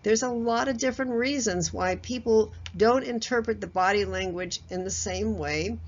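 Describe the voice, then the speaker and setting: A woman's voice: medium pitch, moderate pace. A woman giving a recorded workplace communication lesson in a conversational way, asking the listener questions and chuckling at herself. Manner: chuckles at herself, loose fillers and restarts. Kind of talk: recorded training lecture. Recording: slightly dull lo-fi audio.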